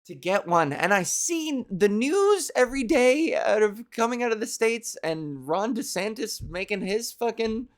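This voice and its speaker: A woman's voice: on the high side, expressive, unhurried, hardly any pauses. A young woman with a scratchy, cartoony voice hosts a comedy stream in a rambling, profane, self-deprecating way. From Canada. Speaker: comedy show host. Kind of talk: casual live-stream monologue.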